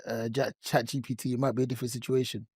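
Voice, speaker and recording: A young man co-hosting a podcast, animated and excitable. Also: medium pitch, rapid-fire, slightly rough, dry recording, studio quality. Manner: animated, excitable, laughing often. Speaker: podcast co-host. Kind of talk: casual podcast chat.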